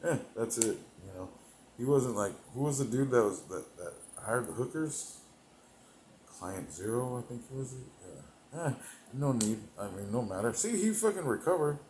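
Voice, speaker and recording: A man delivering a rambling, profane comedic monologue, meandering between thoughts, laughing to himself, and swinging between loud bursts and mumbled asides. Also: mid-range voice, lively intonation, moderate pace, echoey room, a little hiss or hum, rough recording. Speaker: comedic performer.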